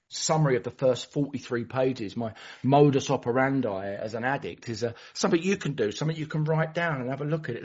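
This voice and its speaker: A man's voice: medium pitch, highs cut off. A man telling his own addiction and recovery story at a twelve-step meeting, candid and self-mocking, with frequent restarts. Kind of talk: personal recovery share. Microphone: online meeting call.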